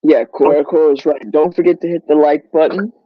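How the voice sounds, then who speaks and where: A man co-hosting a casual live stream, relaxed, who reads viewer comments aloud. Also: a little high, brisk, dry recording, lo-fi sound. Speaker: co-host reading chat.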